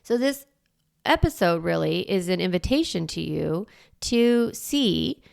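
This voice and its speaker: A middle-aged woman talks parents through her method in a solo podcast, relaxed and conversational. Her voice sits a little low and carries a noticeable gravelly fry. She rambles easily, peppering her points with "like" and quick restarts. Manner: chatty, full of "like" and quick restarts. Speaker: parenting coach and podcast host. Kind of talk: casual solo podcast teaching.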